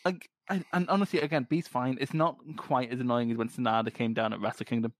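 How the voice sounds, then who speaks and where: A man with a light Scottish accent, co-hosting a podcast in casual chat, ranting with plenty of swearing and quick laughs. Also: mid-range voice, fairly even intonation, no echo. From Scotland. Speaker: podcast co-host.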